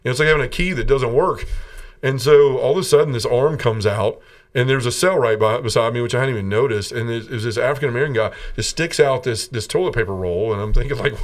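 A middle-aged man, guesting on a podcast, earnestly shares his personal testimony, often restarting sentences and going quiet when quoting others. His voice is mid-range and he talks fast, heard through a distant mic.

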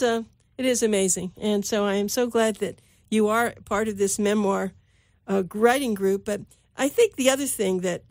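A woman's voice: medium pitch, a little mellow, no echo, clean studio sound. Chatty woman interview host. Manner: enthusiastic, chatty. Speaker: talk show host. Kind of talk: interview conversation.

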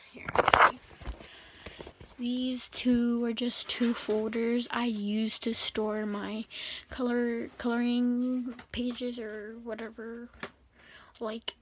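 A woman's voice: fairly high pitch, slow. A woman vlogger chatting casually as she shows her things, rambling with self-corrections and often slipping into a whisper. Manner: drifts in and out of whispering. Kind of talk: casual closet tour chat. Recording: home recording with steady background noise.

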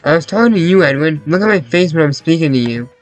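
A man voicing an angry young female classmate who demands to be heard, in a sharp, raised voice, over faint music. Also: a little high, animated, quick pace, dry recording, close to an everyday voice, rough recording. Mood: scolding. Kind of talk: visual novel voice acting.

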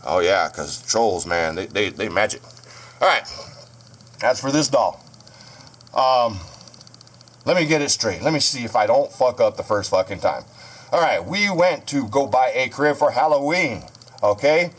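A man's voice: medium pitch, lively intonation, a little slow, pauses often, fairly bright tone. A man hosting a home vlog, talking to the camera in a profane, combative way and scolding his commenters. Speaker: channel host showing haunted dolls. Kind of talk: casual vlog monologue. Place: home room with dolls and crib. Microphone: camera on a stand.

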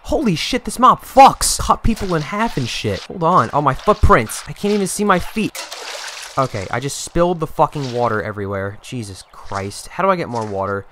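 A gaming channel host keeps up profane, exasperated commentary while playing, joking and scolding his character as if talking to it. His mid-range voice is brisk and fairly bright with big pitch swings, and there is slight background noise.

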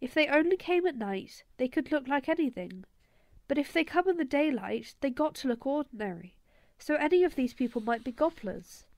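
A woman's voice: sits high, animated, normal speed, darkish tone, no room sound, pitched above the performer's own voice. A woman voicing a bold, bossy young girl who leads a gang of children.

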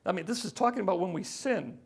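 A man preaching a sermon as pastor, conversational, swinging from loud emphasis to hushed tones. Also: high-pitched, fast talker, slightly rough.

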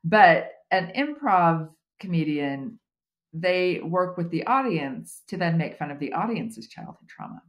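A woman's voice: fairly low pitch, sing-song, a little slow. A middle-aged American woman, an HR consultant and podcast guest, talking in a wry, self-mocking way with many fillers. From United States. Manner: humorous, self-deprecating, chatty with many fillers. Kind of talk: conversational interview.

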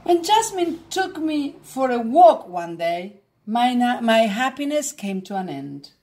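A woman reading a children's storybook aloud in an expressive, dramatic way. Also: on the high side, a little slow.

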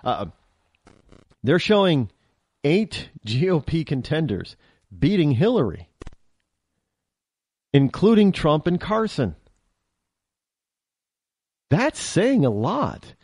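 A man hosting a political talk show, giving an animated opinion monologue and often repeating and restarting his words. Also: on the high side, takes it slowly, long pauses, husky, no echo.

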